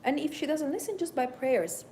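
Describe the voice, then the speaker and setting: A woman's voice: high-pitched, lively intonation, normal speed, mellow, slight background noise. A woman dating coach speaking live, emphatic and moralizing, repeating her phrases for effect. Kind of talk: live stream monologue.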